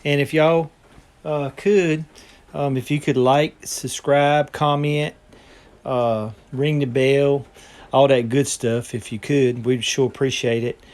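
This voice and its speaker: A man's voice: mid-range voice, steady tone, slow, darkish tone. Folksy man showing home cooking. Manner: folksy, rambling, frequent ums. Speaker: home cooking channel host. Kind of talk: casual cooking demonstration. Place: home kitchen.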